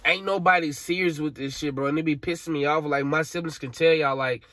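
A man's voice: fairly high pitch, fairly even intonation, a little fast, fairly bright tone, dry recording, clean studio sound. Tearful young man venting. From Alabama, USA. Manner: frustrated, rambling, profane, slangy. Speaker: vlogger. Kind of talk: emotional vent to camera.

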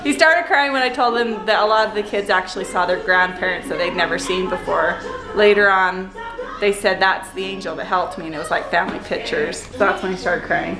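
A woman's voice: medium pitch, fairly quick, roomy sound, over music, poor audio. A young woman vlogging casually at home, chatty and giggly, with lots of filler words. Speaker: family vlogger. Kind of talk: casual family vlog. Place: busy family home with children.

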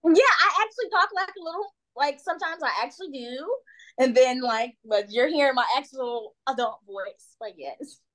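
A young woman chatting as a podcast guest, giggly and animated, often dropping into quoted voices. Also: high voice, normal speed, rough recording. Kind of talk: casual chat on a call.

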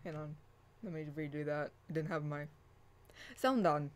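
A woman with a low-set voice, speaking at normal speed, hosts her own channel in a casual vlog chat. She laughs often, rambles, and keeps restarting her sentences, with a little hiss or hum in the background.

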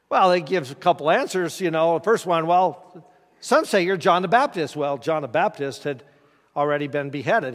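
A pastor preaches a folksy, conversational sermon in a church sanctuary, asking his congregation questions. His voice sits high and a bit bright, and the recording has the reverberation of a church hall.

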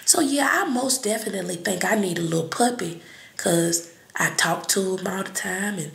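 A woman reading and chatting on a live stream, blunt and profane, with sudden shouts and laughs. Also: medium pitch, moderate pace, vocal fry, roomy sound. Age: adult with children. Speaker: psychic reader on a live stream. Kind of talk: casual live-stream talk.

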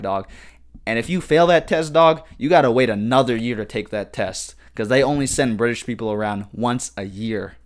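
A young man talks into a podcast mic in a casual, profane solo rant. His voice sits on the low side, and he tags sentences with slang like "dog" and "bruh". He jumps between loud, animated bursts and quiet, mumbled asides. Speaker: podcast host. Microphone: podcast microphone.

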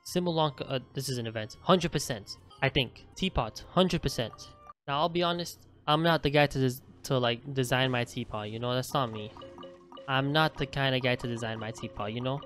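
A man's voice: mid-range voice, a little fast, a bit bright, soft background music. A young man hosting a gaming channel, casually reading out his game account stats in a chatty, offhand way and swearing now and then.

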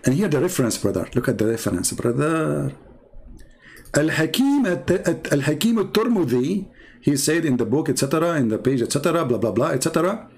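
Sarcastic guy ranting in broken english, husky, bit high, lively voice. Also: fairly quick. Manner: sarcastic, animated and incredulous; non-native English with slips. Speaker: religious debater. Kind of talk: mocking commentary monologue.

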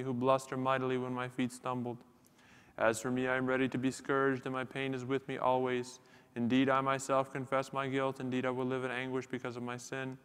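A man chanting psalms and prayers in a church service, in a steady monotone. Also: medium pitch, clear, resonant tone. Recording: long church reverb.

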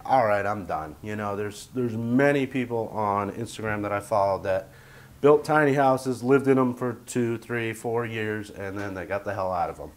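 A man chatting casually to camera as a vlogger from his tiny house, rambling and jokey with lots of fillers. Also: mid-range voice.

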